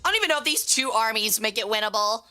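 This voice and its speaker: Woman streamer, high, bright voice, chatty and profane gaming commentary. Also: expressive, fast, clean tone, faint music behind. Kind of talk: casual gaming livestream commentary.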